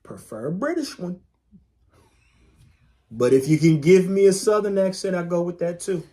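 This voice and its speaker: A man's voice: sits high, expressive, normal speed, mellow. A man co-hosting a podcast in casual chat, laid-back and emphatic, swearing freely and repeating phrases to drive a point home. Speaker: podcast co-host.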